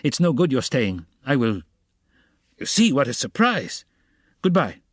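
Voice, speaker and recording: A man reading the part of an excitable, fussy middle-aged magistrate in an audiobook, insistent and wheedling. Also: medium pitch, dry recording, clean studio sound, pitched above the performer's own voice. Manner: quick, insistent, wheedling, slipping to mutters.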